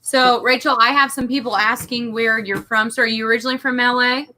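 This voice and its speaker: A woman's voice: fairly high pitch, fairly even intonation, a little fast, bright, forceful tone, slight background noise, low-quality recording. A woman co-hosting a casual interview, asking questions and telling a rambling story. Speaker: co-host.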